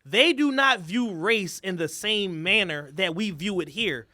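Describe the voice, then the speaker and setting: A man's voice: sits high, animated, unhurried, pushed and bright, no room sound, clean studio sound. A man co-hosting a podcast, making emphatic arguments in casual, profane slang. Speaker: podcast co-host. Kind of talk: casual chat.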